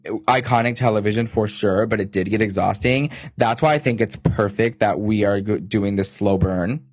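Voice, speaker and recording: A man co-hosting a podcast in a casual, animated and gossipy chat, full of jokes. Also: on the low side, normal speed, no echo, studio quality. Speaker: podcast co-host.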